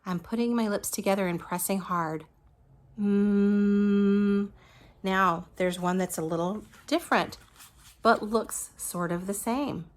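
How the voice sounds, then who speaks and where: A woman's voice: on the low side, moderate pace. A woman teaching a phonics lesson to young children, patiently modeling each letter sound and praising the listener.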